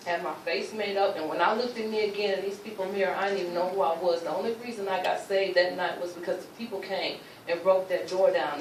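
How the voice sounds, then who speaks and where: A woman giving an emotional personal testimony at a luncheon, telling her story in animated, informal speech and acting out what people said. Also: on the low side, a little hiss or hum. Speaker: speaker sharing a personal testimony. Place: luncheon event room. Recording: roomy, distant mic, faint ambience.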